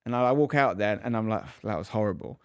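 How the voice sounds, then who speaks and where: A dad who co-hosts a casual podcast tells an animated story, acting out the people in it and voicing their quotes. His voice is lowish, quick and smooth, with no echo.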